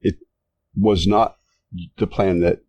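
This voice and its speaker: A man co-hosting a faith podcast, agreeable and quick to affirm his partner. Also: sits low, flat delivery, darkish tone, dull audio. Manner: agreeable, lots of affirming murmurs. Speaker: podcast co-host. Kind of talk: casual faith conversation.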